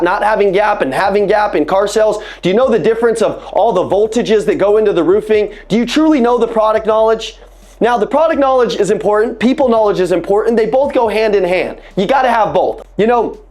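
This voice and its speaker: A fired-up man coaching salespeople over a video call, with a voice pitched well above most men's. He hammers his points home and says them again, chatting casually and calling everyone "guys" and "bro". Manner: animated, emphatic, repeats key phrases. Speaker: sales trainer. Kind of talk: energetic sales training talk on a video call.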